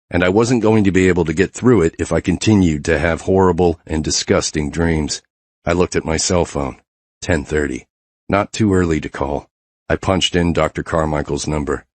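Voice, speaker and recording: A man's voice: low voice, no echo. A man narrating a romance audiobook in the first person, tense and introspective.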